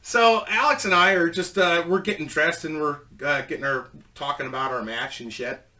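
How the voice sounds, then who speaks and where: A bright, forward-voiced man tells a loose, rambling story, dropping swear words freely and laughing at his own punchlines. He sits a little back from the microphone, so the sound is slightly distant. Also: on the high side. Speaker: storyteller, ex-wrestler. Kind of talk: casual profane storytelling.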